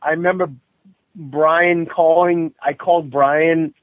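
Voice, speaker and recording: A man hosting a podcast, chatting casually and telling a story animatedly, jumping up high when he acts out quotes. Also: fairly even intonation, takes it slowly, no echo. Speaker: podcast host. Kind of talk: casual interview chat. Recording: thin phone-like sound, dry.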